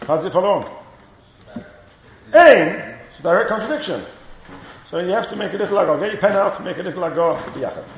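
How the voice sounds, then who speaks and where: Animated man teaching a lively Torah class. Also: high voice. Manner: animated, questions the class, chants quoted Hebrew. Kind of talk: lively classroom Talmud lesson. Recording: roomy, dull lo-fi class recording with faint hiss.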